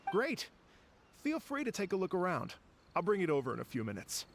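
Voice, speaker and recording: Courteous festival organizer. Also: male voice, high voice, huge pitch swings, brisk, creaky, background noise, heavily acted. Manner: courteous, slightly hesitant. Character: polite adult male event organizer. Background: game music.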